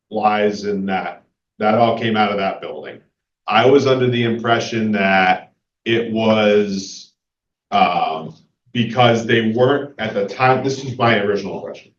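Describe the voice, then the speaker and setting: A man's voice: on the low side, slight background noise. A man with a New England accent, a public works official giving a casual, filler-laden report at a town meeting. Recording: roomy, distant, dull community TV audio.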